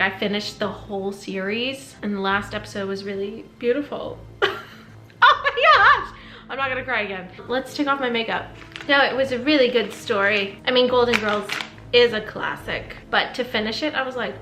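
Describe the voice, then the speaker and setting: A woman's voice: mid-range voice, sharp tone. A young woman chatting in a bubbly, giggly way at home while doing her skincare and reading scary stories aloud. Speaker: skincare and scary-story vlogger. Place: home room. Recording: roomy echo with faint background music.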